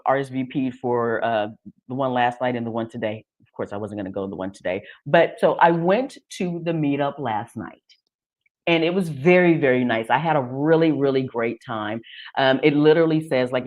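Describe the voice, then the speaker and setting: An American woman from Texas hosting a casual live stream. She talks in an animated way, with many restarts and fillers. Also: rumbling low. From Texas, United States. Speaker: host.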